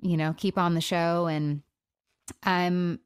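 A woman in her thirties hosts a solo podcast, her voice pitched fairly low and recorded close and dry on a studio microphone. She speaks haltingly and softly, sounding emotionally raw and subdued. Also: flat delivery, clean tone, no echo. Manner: halting, soft-spoken, with frequent pauses and trailing phrases. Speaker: podcast host. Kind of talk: casual solo podcast talk.

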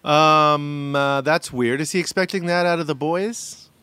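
A man's voice: fairly high pitch, measured pace, sharp tone, smooth, dry recording. A man co-hosting a podcast in casual chat, sarcastic and joking. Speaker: podcast co-host.

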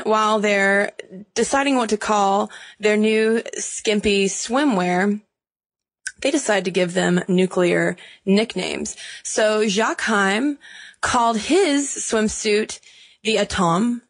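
A young woman co-hosting a podcast, chatty and wry, laughing easily as she talks. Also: medium pitch. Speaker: podcast co-host. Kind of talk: casual chat.

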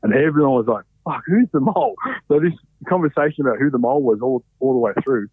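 A man's voice: medium pitch, fast talker, dry recording. A man in his thirties with an Australian accent, telling stories as a guest in a casual chat, swearing a lot and rambling with many fillers. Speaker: podcast guest. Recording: dry, phone-like sound.

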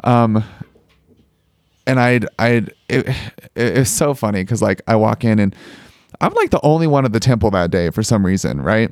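A young man telling a personal story as a podcast guest, earnest and animated, with many filler words. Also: lowish voice, normal speed, no room sound. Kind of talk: conversational storytelling.

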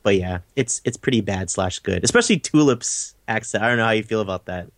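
A man's voice: lowish voice, expressive, no room sound, studio quality. A man hosting a casual podcast chat, enthusiastic and swearing freely. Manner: enthusiastic, swearing, quick asides. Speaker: podcast host.

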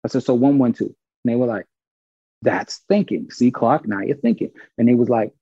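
Gravelly man from Brooklyn telling a story. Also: medium pitch, moderate pace, dry recording, muffled recording. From Brooklyn, New York. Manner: animated, acts out quoted dialogue, swears freely. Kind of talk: casual storytelling.

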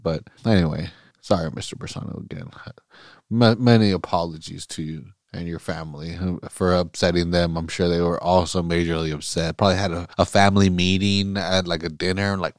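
A laid-back man hosts a casual solo sports podcast into a close mic, his voice on the low side. He talks in slangy, profane bursts and laughs often. The sound is dry and close, with no room around it. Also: normal speed, no room sound. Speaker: podcast host.

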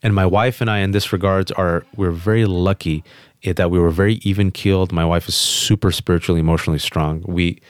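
A man's voice: low voice, no echo, studio quality. Emphatic man telling a personal story. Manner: emphatic, fast restarts, animated quotes. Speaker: guest on a podcast.

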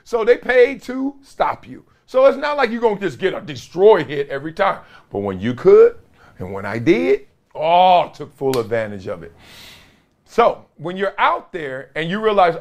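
A man with a fairly high, very lively voice hosting a sports talk show. He tells stories from his playing days with big swings in pitch, laughing and acting out what others say. The tone is loud and loose. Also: normal speed. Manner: lively, laughing, acts out quotes. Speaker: sports show host, former player.

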